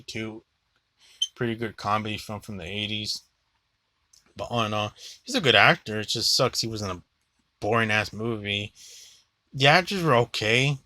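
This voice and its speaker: A young man talks through a casual movie review, blunt and rambling, with plenty of filler words and casual swearing. His voice is bright and forward, recorded close and dry with no room sound. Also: on the low side, dry recording.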